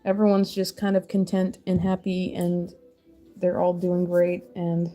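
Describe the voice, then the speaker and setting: Chatty woman streamer with a mellow voice. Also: on the low side, monotone, unhurried, soft background music. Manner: chatty, rambling, laughs often. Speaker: crafting streamer. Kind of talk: casual chat while crafting.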